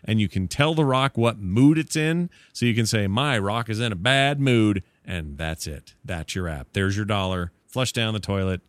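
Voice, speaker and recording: A man's voice: on the low side, normal speed, hardly any pauses, no room sound. A man co-hosting a casual tech podcast, chatting with wry, dismissive asides. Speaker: podcast co-host.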